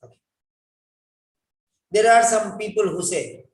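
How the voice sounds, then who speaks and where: A man's voice: high-pitched, slow pace, far from the mic. A man teaching English pronunciation, spelling out words letter by letter and repeating them carefully. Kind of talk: spoken English lesson. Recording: echoey room, voice from off-mic.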